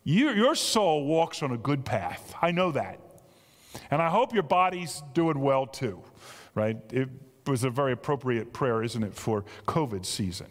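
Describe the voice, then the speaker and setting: A man preaching a sermon as pastor, talking in an animated, emphatic way that climbs to excited peaks. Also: mid-range voice, measured pace. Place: large church hall. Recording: long church reverb.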